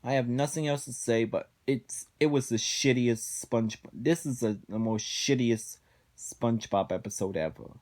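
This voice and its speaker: A man's voice: medium pitch, moderate pace, darkish tone. A man giving a casual spoken review of cartoon episodes, exasperated, sighing often and rambling through his points.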